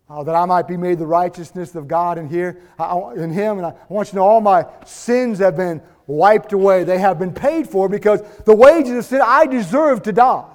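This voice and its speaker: A man's voice: high voice, a little mellow, lightly acted. A man playing the apostle Paul in a sermon, an earnest jailed man testifying. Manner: earnest, confessional.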